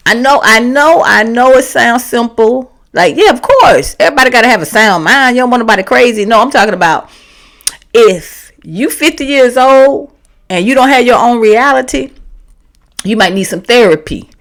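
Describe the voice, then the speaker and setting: A woman's voice: fairly high pitch, normal speed. A woman, giving a candid, sassy motivational talk to the camera and acting out the voices she quotes. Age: 50s. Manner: sassy, animated, slangy, acts out quoted voices. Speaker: vlogger and comedian.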